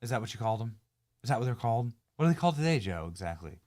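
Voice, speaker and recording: A man's voice: mid-range voice, sing-song, racing, darkish tone. A man hosting a political commentary show, sarcastic and mocking as he reacts to clips. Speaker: host.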